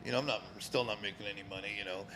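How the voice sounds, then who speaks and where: Gravelly, rambling Connecticut man. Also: lowish voice, rapid-fire, bright, forceful tone, slight background noise. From Connecticut, USA. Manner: rambling, profane, many fillers. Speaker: guest, former pro wrestler. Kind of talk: casual storytelling. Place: cigar lounge, live show.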